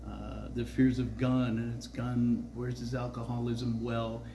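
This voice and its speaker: A man's voice: medium pitch, completely flat delivery, a little slow, warm tone, slight background noise, poor audio. A man in his sixties telling a rambling, profane personal story on a festival stage, full of filler words. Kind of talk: live storytelling.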